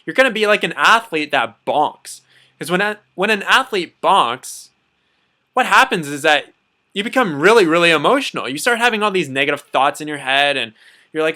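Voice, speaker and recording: A man's voice: on the high side, lively intonation, moderate pace, pushed and bright. A man talking casually to camera about diet, repeating himself and dropping lots of "you know.". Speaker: diet vlogger.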